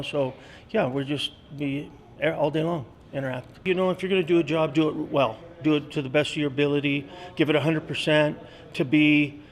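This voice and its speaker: A school custodian in his sixties, talking earnestly in an interview with many pauses and fillers. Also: on the high side. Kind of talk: interview storytelling.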